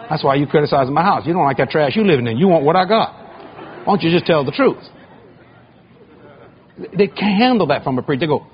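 A man's voice: on the high side, lively intonation, a little fast, long pauses, highs cut off, a faint crowd, a little hiss or hum. A man preaching a sermon and telling stories from his own life, speaking boldly and often repeating words as he builds a point. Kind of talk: sermon with personal anecdotes.

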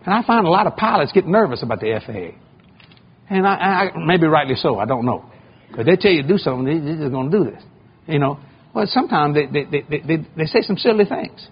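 A man's voice: a little high, animated, fast talker, breathy edge, muffled recording. A man preaching a sermon and telling stories from his own life, speaking boldly and often repeating words as he builds a point. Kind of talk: sermon with personal anecdotes.

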